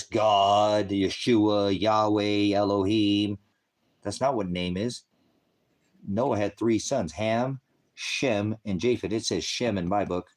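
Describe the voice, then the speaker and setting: A man hosting a ministry livestream, angrily and profanely berating commenters in his chat while lecturing on scripture. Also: lowish voice. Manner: angry, profane, combative; heckling and lecturing.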